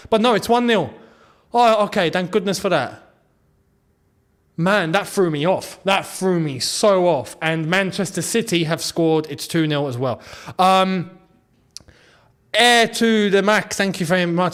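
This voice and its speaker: A man calls a football match live as he watches it, his voice sitting high and leaping all over the place. He drifts between low mutters and shouts whenever the game turns. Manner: excitable, swings between muttering and shouting at goals.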